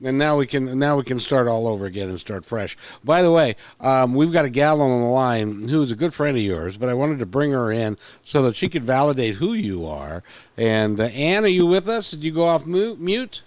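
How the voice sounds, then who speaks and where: A man's voice: mid-range voice, animated, moderate pace, darkish tone, no room sound. A man hosting an interview in a casual, joking way, rambling with plenty of ums and restarts. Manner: joking, rambling with many fillers. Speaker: host.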